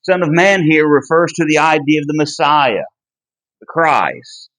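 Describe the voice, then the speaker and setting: Slow, earnest high-voiced man teaching. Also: a bit bright, rough recording. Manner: earnest and emphatic, pleading in tone when driving a point home. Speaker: Bible class teacher. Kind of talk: Bible study lesson.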